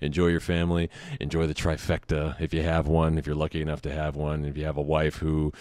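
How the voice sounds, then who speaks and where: A man telling a story in a casual monologue, animated, blunt and profane, and poking fun at himself. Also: a bass voice, brisk, clean tone, dry recording. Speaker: host of a parenting podcast.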